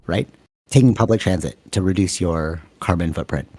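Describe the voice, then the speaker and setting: A man co-hosting a podcast in casual chat, talking quickly and animatedly, rambling from thought to thought over a video call. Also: sits low, darkish tone, husky, dry recording. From Canada. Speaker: podcast co-host.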